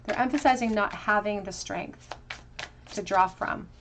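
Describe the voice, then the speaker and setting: A woman's voice: medium pitch, measured pace, a little hiss or hum. A woman giving a tarot pick-a-card reading, musing aloud over each card with casual fillers. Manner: musing, talks through card meanings with soft fillers. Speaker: tarot reader.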